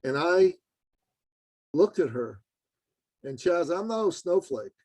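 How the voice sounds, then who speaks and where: A man's voice: slow, no room sound, rough recording. A man in a podcast interview tells his story with real animation, his voice leaping upward whenever he stresses a point. He sounds earnest and direct, calling the host brother. The recording is close and dry, with almost no room sound. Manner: animated, voice jumps high for emphasis. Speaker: podcast guest, business consultant.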